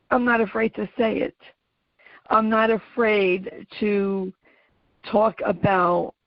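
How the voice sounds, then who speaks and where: A woman hosting her own audio show, giving an earnest, emphatic motivational talk in a slow, deliberate way. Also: mid-range voice, creaky, dry recording. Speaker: podcast host. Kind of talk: motivational monologue. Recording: dull lo-fi audio.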